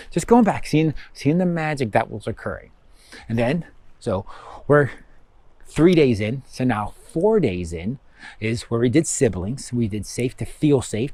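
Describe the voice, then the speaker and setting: In a dry recording, a man with a medium-pitched, slightly mellow voice leads students through a spiritual course review. His casual recorded talk rambles loosely, packed with fillers and acted-out inner thoughts.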